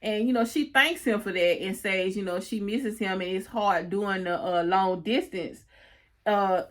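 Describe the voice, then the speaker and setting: A woman casually retelling a TV episode scene by scene, chatty and peppered with "you know" as she goes. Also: medium pitch. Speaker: TV recap host.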